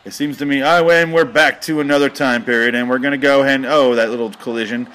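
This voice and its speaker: A man doing rambling, deadpan mock sports commentary over video, breaking into sudden excited outbursts. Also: mid-range voice, fast talker. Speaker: comedy commentator.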